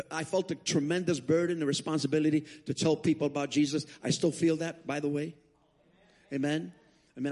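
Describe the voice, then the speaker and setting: A man preaching as a guest speaker, telling his testimony as an animated story with frequent restarts. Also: a little high. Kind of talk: sermon testimony.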